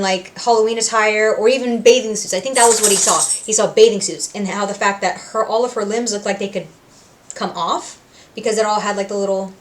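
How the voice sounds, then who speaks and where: Chatty woman recapping a cartoon. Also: medium pitch. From Puerto Rico. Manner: animated, acting out quotes in voices, self-correcting. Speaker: reaction video host. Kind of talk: casual recap of a cartoon episode.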